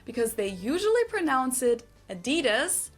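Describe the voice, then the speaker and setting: A woman's voice: a little high, a bit bright, faint music behind. A woman from Germany with a German accent, narrating a scripted explainer and carefully repeating pronunciations. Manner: precise, instructive, repeats pronunciations slowly. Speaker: explainer in a clip being reacted to. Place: lives in the US.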